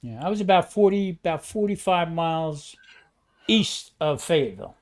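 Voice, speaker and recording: Guy, retired chef, rambling excitable storyteller, voice sits a bit high. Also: moderate pace. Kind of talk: casual chat.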